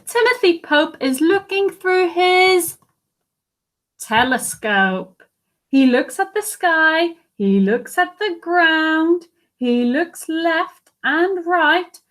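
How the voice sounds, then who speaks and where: A woman teacher reading a picture book aloud to children, animated and asking them questions. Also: very high-pitched, slow. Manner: animated, asks listeners questions. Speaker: primary school teacher.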